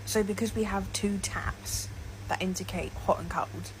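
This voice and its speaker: Gravelly-voiced British woman, sarcastic. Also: mid-range voice, steady tone, noisy background. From United Kingdom. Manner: blunt, sarcastic, explains things slowly. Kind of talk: casual social media reply.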